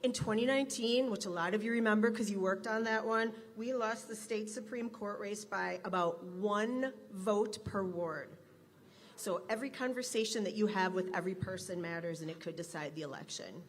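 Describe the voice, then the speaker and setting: A woman's voice: medium pitch, normal speed, long reverb tail. A woman organizer giving an upbeat, exhorting rally speech and introducing speakers. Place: large hall at a rally.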